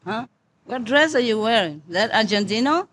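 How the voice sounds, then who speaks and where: A slightly high, somewhat bright and animated voice at normal speed belongs to an older spiritual teacher. Sharing a meal with her disciples, she tells a personal story in relaxed chat, laughing often and using many fillers.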